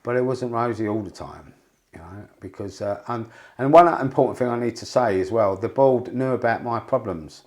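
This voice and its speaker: A man's voice: medium pitch, normal speed, a little mellow. A man, a podcast guest, telling rambling, candid stories with frequent swearing and restarts. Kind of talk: candid storytelling interview.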